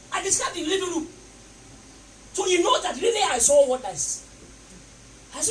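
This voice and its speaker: A high-voiced woman preaching a sermon, shouting decrees and telling stories with laughter. She sounds distant in an echoey hall, with a steady hiss of noise underneath. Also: moderate pace, long pauses.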